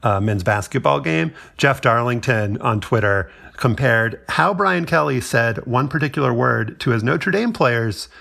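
Gravelly Southern man, wry sports talk. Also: medium pitch, expressive, measured pace, few pauses, fairly bright tone. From Louisiana. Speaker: podcast co-host. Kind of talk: casual sports chat.

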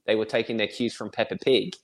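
An Australian man in his thirties, a podcast guest who thinks aloud in a relaxed, reflective way with many fillers. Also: on the low side, fast talker. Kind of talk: casual conversation.

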